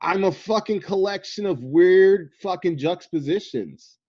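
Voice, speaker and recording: A man's voice: high-pitched, a little slow, darkish tone, dull audio. A man guesting on a podcast, chatting loosely as a comics writer and editor with profane, laughing banter. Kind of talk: casual podcast chat.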